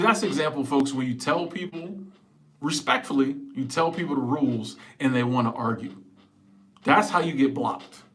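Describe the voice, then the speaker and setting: A middle-aged man with a medium-pitched, fairly bright voice runs a casual livestream at home through a small clip-on wireless mic. He reads viewers' comments out loud, laughs a lot, and stumbles over repeated words.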